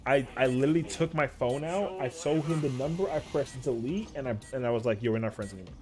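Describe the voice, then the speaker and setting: Slangy, animated male streamer. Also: mid-range voice, fast talker. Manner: animated, slangy, profane, acts out quotes. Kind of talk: casual storytelling while gaming.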